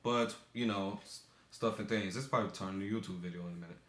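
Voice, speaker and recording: A man's voice: lowish voice, fast. A young man from the United States, rambling casually in commentary, often stumbling and correcting himself mid-sentence. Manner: rambling, self-correcting, stumbling over words. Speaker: video maker. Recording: echoey room.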